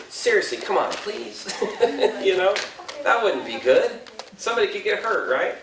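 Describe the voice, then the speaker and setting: A middle-aged man tells a personal story to a youth group, poking fun at himself and chuckling between lines. He keeps turning to the audience with questions. His voice sits at an ordinary pitch and comes from some distance off, ringing in an echoey room with a faint hiss underneath. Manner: self-deprecating, chuckles often, asks the audience questions. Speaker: youth confirmation speaker.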